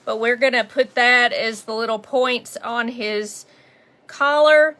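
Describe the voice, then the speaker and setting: A woman with a Southern US accent talks her way through a live painting tutorial, recorded on a phone. Her voice sits a little high and sounds crisp and bright. She keeps up a friendly, chatty patter and greets her viewers by name. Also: takes it slowly. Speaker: painting instructor on a livestream. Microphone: phone on a mount.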